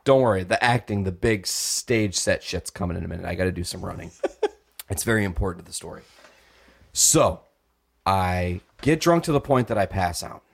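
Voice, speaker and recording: A man's voice: low voice, animated, normal speed, creaky, slightly rough. A young man co-hosting a podcast, telling a long profane story and acting out the voices in it. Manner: profane, acts out quoted voices. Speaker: podcast co-host. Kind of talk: animated storytelling.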